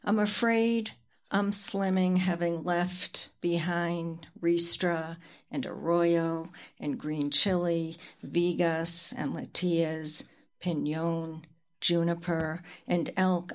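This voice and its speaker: A woman poet reads her work aloud, slow and deliberate, letting pauses hang between the lines. Her voice sits slightly low and never rushes. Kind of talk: poetry reading.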